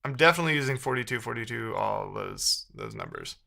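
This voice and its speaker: A man's voice: medium pitch, huge pitch swings, a little fast, gravelly, pushed and bright. A man live-streaming himself debugging code, thinking aloud and trading sarcastic banter with his chat. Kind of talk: casual live-stream coding commentary.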